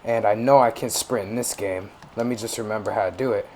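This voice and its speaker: A man's voice: fairly low pitch, fairly even intonation, fairly quick, darkish tone, slight background noise. Laid-back male gaming host. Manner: laid-back, chatty and joking. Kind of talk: casual gaming commentary.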